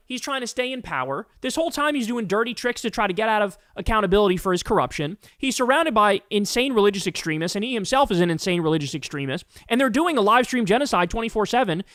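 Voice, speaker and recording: A man's voice: extremely high pitch, a bit bright, no room sound, clean studio sound. A man hosting a political commentary show, ranting angrily and emphatically with lots of profanity.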